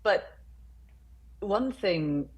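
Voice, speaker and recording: A woman's voice: mid-range voice, extremely slow, husky. A woman from Ireland with an accent mixing Irish, British and transatlantic sounds, talking candidly as a guest over a video call. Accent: mixed Irish, British and transatlantic. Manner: candid and animated, with fillers and restarts. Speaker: war reporter and author guest. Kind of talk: conversational interview.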